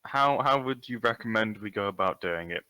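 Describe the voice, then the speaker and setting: A man's voice: lowish voice, lively intonation, brisk, pushed and bright, clear, resonant tone, dry recording, rough recording. A man playing a tabletop game, speaking casually with hesitant restarts. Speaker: player.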